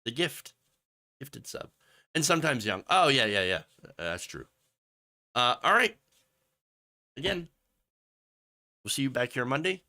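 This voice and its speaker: Animated, bright-voiced male political host. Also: medium pitch, measured pace, long pauses. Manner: impassioned, ranting, with sarcastic mock quotes; rambling asides with fillers, reads chat messages. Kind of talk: livestream political commentary.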